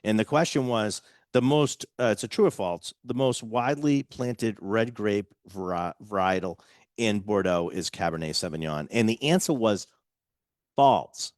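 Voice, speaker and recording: A man's voice: on the low side, animated, moderate pace, a little mellow, no echo, studio quality. A man hosting a casual radio talk show, chatting loosely and restarting his sentences often. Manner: chatty, rambling with many restarts.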